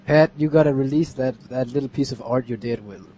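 Wisecracking man, mellow and lo-fi. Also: medium pitch, a little fast. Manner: teasing, wisecracking. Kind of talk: casual chat. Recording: dull lo-fi sound with faint hum.

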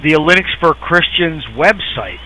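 A man's voice: fairly high pitch, lively intonation, a little slow, bright, forceful tone, slight background noise, low-quality recording. A middle-aged man co-hosting a casual chat, rambling and sarcastic, chuckling as he tells stories. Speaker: podcast co-host.

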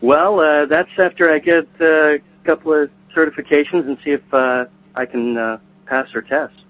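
A man's voice: fairly high pitch, fairly even intonation, moderate pace, a bit bright. A man co-hosting a podcast, chatting casually and telling long rambling stories. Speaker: podcast co-host. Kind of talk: casual chat. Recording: dull lo-fi sound with faint hum.

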